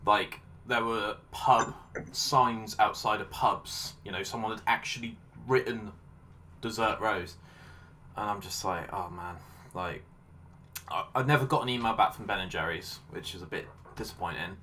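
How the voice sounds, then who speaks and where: A man's voice: lowish voice, moderate pace, sharp tone, a little hiss or hum. A man hosting a casual podcast interview, with jokey, self-deprecating banter. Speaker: podcast host.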